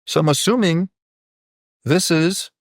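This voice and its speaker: A man's voice: fairly high pitch, a little slow, dry recording, studio quality. A man with Polish as his first language, a podcast guest talking casually, a blunt, profane, rambling storyteller.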